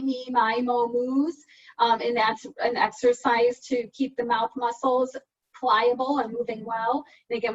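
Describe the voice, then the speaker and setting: A high, somewhat breathy-voiced woman works patiently through speech exercises as a speech therapist, one step at a time. She comes over a dull, lo-fi video call and sits a little back from her microphone. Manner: patient, step-by-step explaining with spoken demonstrations. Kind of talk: online support group presentation. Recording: dull lo-fi call audio, from a distance.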